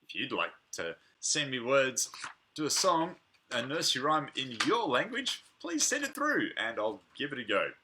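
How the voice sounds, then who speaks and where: A man's voice: medium pitch, moderate pace, a little hiss or hum. A man leading a preschool playgroup on a livestream, talking playfully to young children and reading picture books. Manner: playful, animated, chatting to unseen children.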